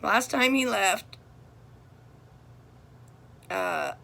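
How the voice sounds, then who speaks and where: A woman's voice: medium pitch, animated, extremely slow, gravelly, pushed and bright. A middle-aged woman talking straight to camera about her family, blunt and heated as she vents. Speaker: vlogger. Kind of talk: casual personal monologue.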